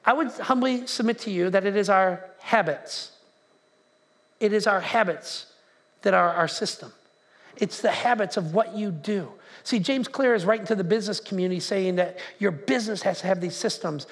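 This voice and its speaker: Animated high-voiced man preaching. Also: normal speed. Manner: conversational, animated, shouts acted-out quotes. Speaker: pastor. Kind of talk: sermon. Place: church sanctuary.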